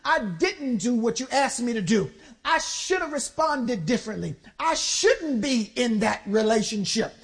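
A woman preacher delivering a sermon, exhorting the congregation with call-and-response, slowing for stressed phrases and speeding through quick bursts. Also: fairly high pitch, big pitch swings.

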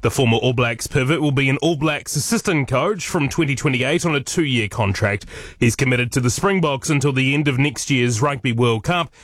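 A New man reads the radio sports news in a brisk, measured studio voice. His pitch sits in an ordinary middle range, and the sound is close and dry with no room around it. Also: fairly bright tone, dry recording. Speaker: sports newsreader.

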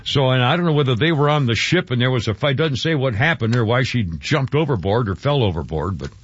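A man's voice: medium pitch, expressive, brisk, husky. A man hosting a radio talk show in a casual, rambling way, often stumbling over his words. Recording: dull, dry radio studio sound.

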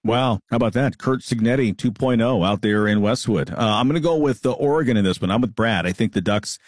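A man's voice: fairly low pitch, brisk, dry recording, studio quality. A man hosting a sports radio show, leading the weekly picks in a casual, upbeat way with frequent fillers. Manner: hesitant, many fillers, upbeat. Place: radio studio.

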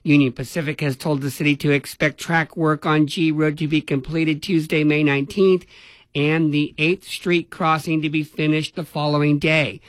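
A man anchoring a local radio newscast, reading the headlines in an even, measured way. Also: a little high, no room sound. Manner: even, measured newsreader delivery. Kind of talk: read news bulletin.

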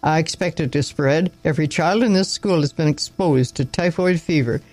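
A man reading the lines of a weary, contemptuous young country doctor who speaks in sharp, clipped phrases. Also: a little high, normal speed, dry recording, close to an everyday voice.

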